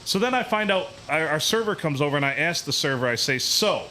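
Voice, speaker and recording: A man, hosting a podcast, telling a profane, animated story in a casual, ranting way. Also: a little high, brisk, hardly any pauses, slight background noise. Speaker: podcast host.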